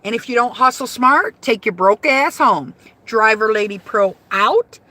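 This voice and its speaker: A woman's voice: fairly high pitch, lively intonation, a little slow, pushed and bright, no room sound. A woman from Michigan, a rideshare driver, chatting casually and saltily on a livestream from her car, laughing easily. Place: inside a car.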